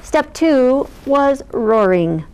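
Slow, playful woman reading a picture book. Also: sits high, lively intonation, a little mellow, clean tone. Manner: playful, laughs between lines. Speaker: storytime reader.

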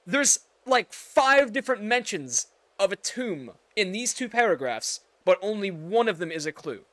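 Young male game host, bright voice, excitable and chatty, loose and profane. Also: high voice, moderate pace. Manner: excitable, swears casually, chatty asides. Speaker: gaming video host. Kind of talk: let's play commentary.

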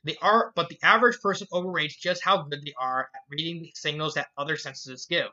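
A reader narrating a fan fiction story aloud in a measured, earnest way. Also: medium pitch, sharp tone. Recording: dull lo-fi recording.

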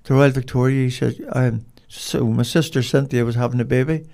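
An older man with a Northern Irish accent, telling rambling, animated stories as an interview guest. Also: mid-range voice, a little fast, creaky. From Northern Ireland. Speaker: guest, dog trainer. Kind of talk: casual storytelling.

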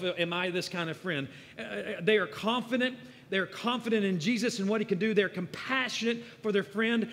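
A guest preacher gives a sermon in a higher-pitched voice, which echoes around the church sanctuary. He speaks conversationally, rises into emphatic bursts, then sinks low and quiet.

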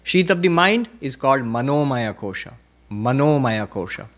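A man's voice: animated, normal speed. A man, a monk, giving a reflective spiritual lecture at a retreat, repeating key phrases and posing questions. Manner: reflective teaching with repetition and rhetorical questions; varies pitch and pace for emphasis.

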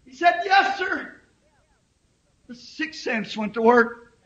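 Fiery preacher in his fifties, a man with a strikingly high voice, dull old tape recording. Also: expressive, slow, pauses often. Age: 50s. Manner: impassioned, swings to shouting. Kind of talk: fiery sermon.

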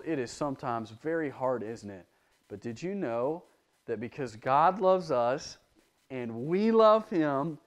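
A man leading children's church, preaching a lively lesson straight to the kids and praying aloud. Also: mid-range voice. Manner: lively storytelling, addressing children directly; prays aloud. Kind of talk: children's sermon.

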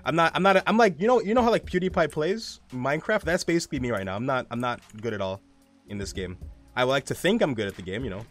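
Animated young man chatting on stream. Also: mid-range voice, quick pace, soft background music. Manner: rambling, animated, swears often, reads chat aloud. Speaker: live streamer. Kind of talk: casual live-stream chat while gaming.

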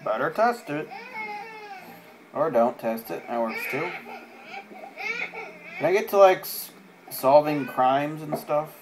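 Slow sarcastic male game commentator. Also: on the high side, background noise. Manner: sarcastic, deadpan asides. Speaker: let's play commentator. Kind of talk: casual gameplay commentary. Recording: game music playing behind.

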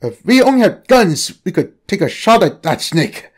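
A man's voice: high-pitched, big pitch swings, moderate pace, breathy edge, heavily acted. A man voicing a bold teenage boy with an eager, boastful way of talking.

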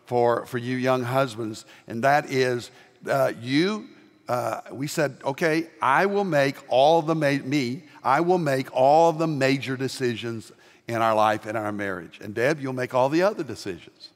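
An older man from the American South with a Southern accent, preaching a sermon as pastor with homespun humor and loud, emphatic rises. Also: medium pitch, measured pace. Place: large church sanctuary. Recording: long reverb of a large church.

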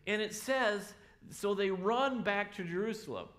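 A man's voice: high-pitched, measured pace, fairly bright tone. A man preaching a sermon as a pastor in a church, telling the story casually and acting out the voices of the people in it. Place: church sanctuary.

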